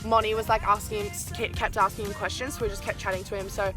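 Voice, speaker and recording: Fast-talking young woman vlogger. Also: medium pitch, level tone, over music. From Australia. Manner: chatty, swears a lot, heavy use of "like". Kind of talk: excited casual storytelling.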